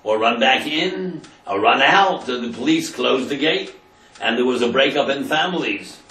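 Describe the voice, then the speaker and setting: Man, rabbi, storytelling, translates Hebrew phrases, bright tone, echoey distant recording. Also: medium pitch, lively intonation, normal speed. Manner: retells a story, translating Hebrew phrases into English, dramatic emphasis. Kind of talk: storytelling Torah class.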